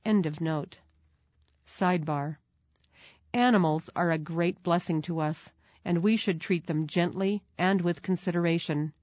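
A woman narrating a children's storybook in a measured, clear manner. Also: lowish voice, a little mellow, no echo. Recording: dull, dry recording.

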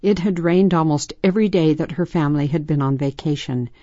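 Woman narrator, children's story, low mellow voice, dull dry recording. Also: a little fast, no room sound. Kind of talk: reading a children's story aloud.

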